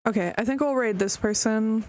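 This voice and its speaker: A woman's voice: on the high side, fairly quick, darkish tone. A woman streamer wrapping up a stream in casual chat, rambling with lots of fillers and the odd curse, hiccuping.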